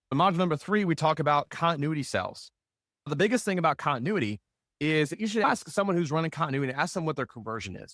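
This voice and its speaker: A man teaching a live marketing workshop, energetic and joking, swinging between loud and soft. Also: fairly high pitch, dry recording, studio quality. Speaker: marketing instructor. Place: room with a live audience.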